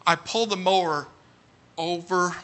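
Male preacher, high sharp voice, comic animated storyteller who breaks into shouts. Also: a little slow. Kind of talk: humorous storytelling sermon.

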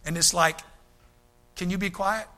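A male pastor, preaching a folksy, animated sermon, often acting out quoted voices and repeating his starts. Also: high-pitched, a little slow.

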